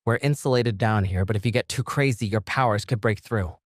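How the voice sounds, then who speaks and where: A man's voice: fairly low pitch, a little fast, no room sound, studio quality, close to an everyday voice. A man voicing a commanding young vampire woman in an audio story, with a bossy, scolding manner. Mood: firm.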